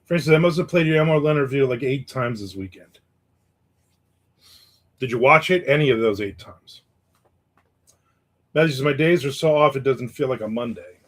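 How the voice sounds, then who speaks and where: A middle-aged man chats loosely on his livestream, drifting from story to story and stopping to read out viewers' comments. His voice sits at an ordinary middle pitch for a man. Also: lively intonation, normal speed, long pauses. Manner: rambling, reads viewer comments aloud. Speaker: livestream host. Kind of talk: casual livestream chat.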